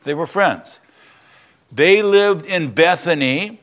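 Speaking slowly yet animatedly, this older semi-retired pastor from the United States has a fairly high, fairly bright voice. His sermon is a conversational Bible lesson in which he puts questions to the congregation.

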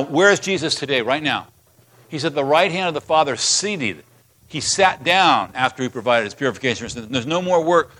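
A man's voice: mid-range voice, fairly bright tone. A man preaching a sermon as pastor, reading scripture aloud with passion and emphasis.

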